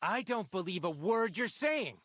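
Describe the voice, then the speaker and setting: Sneering village bully, video game, taunting, bright and animated, dry close recording. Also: male voice, sits high, a little slow, dry recording, heavily acted. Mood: mocking. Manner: mocking, taunting. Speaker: game character.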